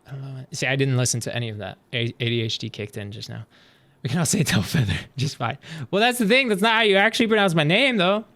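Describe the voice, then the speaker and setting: In a mid-range voice and at a fast clip, a man streams live, casually talking to viewers as he reacts to videos. He's animated and swears freely.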